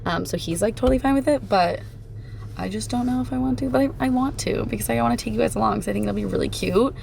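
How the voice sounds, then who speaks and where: Young woman, vlogger, casual chat, gushy, lots of "like", vocal fry, faint background hiss. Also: fairly high pitch, quick pace, darkish tone. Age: young adult. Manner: gushing, chatty, says "like" constantly. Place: home, then in a car.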